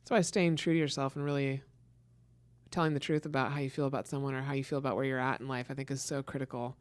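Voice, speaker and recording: A woman co-hosting a podcast in casual chat, earnest and quick to laugh, with frequent affirming murmurs. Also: a bass voice, level tone. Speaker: podcast co-host.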